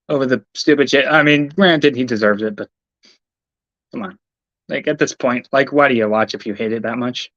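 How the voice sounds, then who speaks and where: This streamer's voice is mid-range and a bit bright as he rambles casually, cursing and muttering irritably. The lo-fi recording sounds dull and dry, with no room to it.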